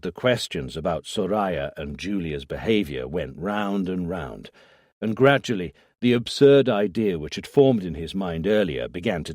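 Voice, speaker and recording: A man narrating an audiobook thriller in a measured, even way. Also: sits low, dry recording, studio quality. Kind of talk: scripted narration.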